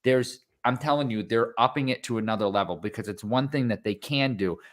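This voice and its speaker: A young man co-hosting a podcast, recapping a fight in excited casual chat, swearing and acting out the crowd's reactions. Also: mid-range voice, fairly quick. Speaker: podcast co-host.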